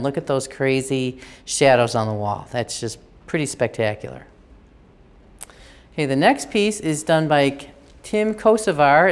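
Woman, low pitch, smooth clear tone, unscripted gallery tour, enthusiastic, frequent restarts. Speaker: gallery curator giving a tour.

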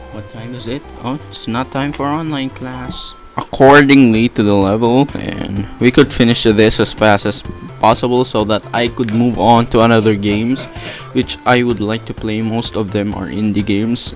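Panicky young man narrating his gameplay. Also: mid-range voice. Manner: panicky, exclaiming, laughing often. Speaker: gaming channel host. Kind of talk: live gameplay commentary.

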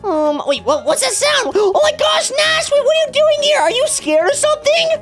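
A woman voicing a panicky little baby boy in a game role-play, excitable and dramatic. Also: extremely high pitch, moderate pace, soft background music. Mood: panicked.

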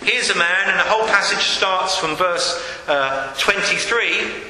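Earnest pastor in an echoey church. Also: male voice, high-pitched, measured pace, bright, forceful tone, slight background noise. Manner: earnest preaching, reads scripture aloud with acted quotes. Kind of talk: sermon. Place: church hall. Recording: echoey church hall with long reverb.

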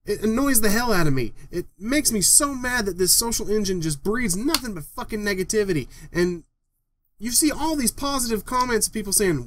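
A young man with a fairly high voice rants straight to the camera in a heated, profane vlog. He keeps circling back to the same complaints and swears freely as he vents. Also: big pitch swings, fast talker, a bit bright. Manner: heated, profane, repetitive ranting. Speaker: vlogger. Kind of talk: angry rant to camera.

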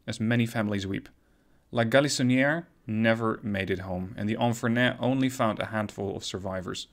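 A man hosting a gaming video, reading a scenario story aloud with relaxed casual asides. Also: medium pitch.

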